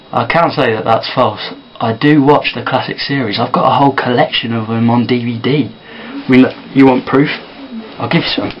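A man talking quietly and softly to camera in a casual sit-down vlog. He sounds tired. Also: mid-range voice, dull audio. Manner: quiet and soft-spoken. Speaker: vlogger and amateur filmmaker.

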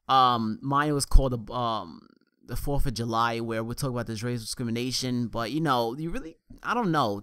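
A man's voice: medium pitch, sharp tone, clear, resonant tone, no room sound, clean studio sound. A young man around twenty with a New York accent, chatting casually and rambling loosely over live gameplay on his gaming channel.

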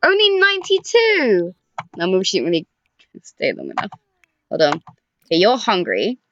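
A woman's voice: medium pitch, huge pitch swings, moderate pace, a bit bright, lo-fi sound, slight background noise. Chatty woman narrating a life sim. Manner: chatty, talks to the game characters, frequent sighs and groans. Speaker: gaming YouTuber. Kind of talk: casual let's-play commentary. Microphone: desk microphone.

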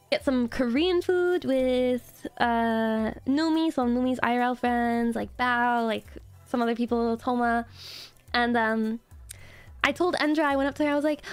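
A woman with a high, bright voice, chatting on a casual live stream. She gushes and giggles as she tells her story, with soft music faintly underneath. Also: clear, resonant tone, no room sound. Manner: giggly, gushing storytelling with frequent laughs. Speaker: VTuber streamer.

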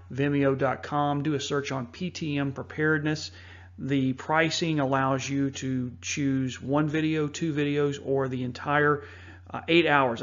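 A man hosting a preparedness talk, narrating over slides in an earnest, measured way with frequent fillers. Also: mid-range voice, dull audio. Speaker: host.

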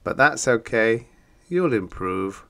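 A man's voice: medium pitch, very animated, slow, vocal fry, pushed and bright, heavily acted. A man voicing a wisecracking bug-eyed male monster in an audiobook, breezy and matter-of-fact. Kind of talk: audiobook character voice.

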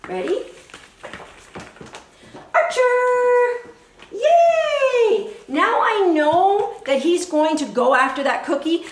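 A woman dog trainer giving a chatty live demonstration, explaining as she goes and breaking into bursts of cheery praise for a puppy. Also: high voice. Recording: echoey room with faint noise.

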